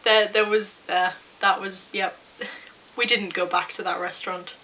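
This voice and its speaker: A woman's voice: mid-range voice, little pitch movement, unhurried, highs cut off. A young woman with an English accent, casually telling a self-deprecating story to camera with frequent restarts. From England. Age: young adult. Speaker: vlogger.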